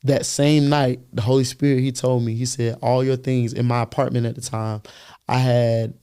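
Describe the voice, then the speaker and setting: A young man speaks with a mellow, warm tone at a middle pitch, telling his testimony in a relaxed podcast conversation. He is earnest and animated, acts out the voices of people in his story, and circles back over repeated words while he gathers his thoughts. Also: normal speed, clear, resonant tone. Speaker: guest, youth pastor and worship leader.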